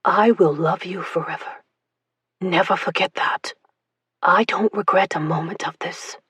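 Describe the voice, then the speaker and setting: A woman voicing a devoted, protective husband speaking in a hushed, urgent way. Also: mid-range voice, slow pace, husky, no room sound. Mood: tender.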